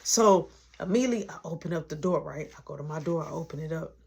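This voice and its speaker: A woman's voice: low voice, fast talker, vocal fry, darkish tone, husky. A young woman vlogger telling a personal story in a casual way. She retells it dramatically, dropping into whispered asides.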